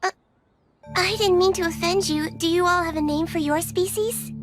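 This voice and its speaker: A woman's voice: very high voice, steady tone, normal speed, over music. A woman voicing a polite, earnest young witch girl in an anime dub.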